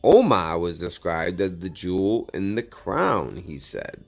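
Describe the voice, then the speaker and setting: A man's voice: sits low, big pitch swings, unhurried, creaky, soft background music. A man hosting a commentary channel, reading news articles aloud and breaking in with sarcastic asides, sometimes stumbling over words. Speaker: political commentary channel host.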